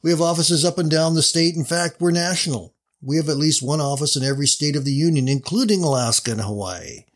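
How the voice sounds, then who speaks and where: Pitching his voice a little above his natural register, a man plays a casual, sly pastor teasing a businessman in a story. The acting is light, playful in mood, and delivered slightly high and slightly fast.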